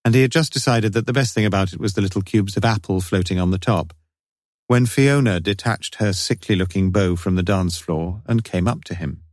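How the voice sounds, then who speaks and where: A man reading a mystery audiobook in measured, wry narration. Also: deep voice, a little mellow, no echo, clean studio sound.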